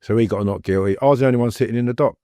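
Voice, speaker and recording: A man's voice: medium pitch, very fast, dark tone, no echo, clean studio sound. A middle-aged man, a guest recounting stories in a rambling, anecdotal way. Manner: rambling, anecdotal, laughs while telling stories. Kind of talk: casual storytelling interview.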